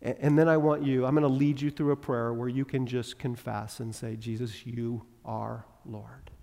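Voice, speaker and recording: A man preaching a sermon as a pastor, moving from loud emphatic passages to quiet, intimate appeals and prayer. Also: mid-range voice, level tone, fairly quick. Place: church sanctuary. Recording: long reverb of a large hall.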